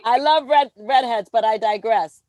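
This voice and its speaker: A woman comedian guesting on a podcast, telling animated stories, swearing freely and acting out the quotes. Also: fairly high pitch, moderate pace, no echo. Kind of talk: casual comedy podcast chat.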